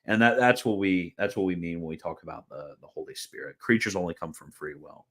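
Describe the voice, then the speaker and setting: A man's voice: low-pitched, fairly quick, fairly bright tone. A young man hosting a live stream, chatting casually and answering viewers' questions, rambling with fillers and laughing at comments. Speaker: livestream host answering chat.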